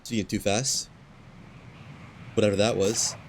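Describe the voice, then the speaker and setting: A man streaming a game, talking to himself in a relaxed, muttering way while he plays, with hiccups. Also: fairly low pitch, moderate pace. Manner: muttering to himself, laid-back. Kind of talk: casual gameplay commentary. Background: game ambience and engine noise.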